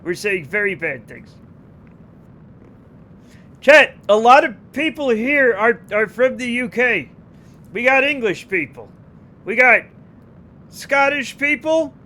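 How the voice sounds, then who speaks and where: High-voiced joking male streamer. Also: lively intonation, slow, long pauses, pushed and bright. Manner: joking, profane, bursts into laughter. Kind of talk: casual chat with live viewers.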